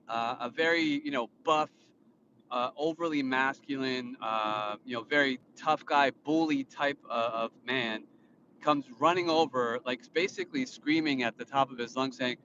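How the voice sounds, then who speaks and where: A man in his thirties talks into his phone from inside a car, rambling through a casual vlog with constant fillers and restarts. His tone is indignant and lecturing, like he is explaining how things should be done. The sound is somewhat muffled, and clear road noise runs underneath. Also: medium pitch, moderate pace, pushed and bright. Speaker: vlogger and father. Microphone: phone filming himself. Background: vehicle noise.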